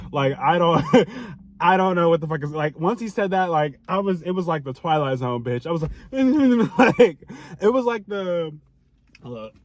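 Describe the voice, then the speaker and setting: A young man telling a casual storytime vlog, animated and laughing, swinging between loud outbursts and hushed asides. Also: a little high, no room sound. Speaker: vlogger.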